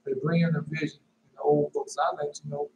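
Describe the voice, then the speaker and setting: Male preacher, emphatic, rhetorical questions, higher voice with sudden pitch leaps, echoey room. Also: little pitch movement, a little fast, a little mellow, dull audio. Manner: pitch jumps sharply on emphatic words. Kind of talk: informal sermon with scripture reading. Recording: echoey room with faint noise.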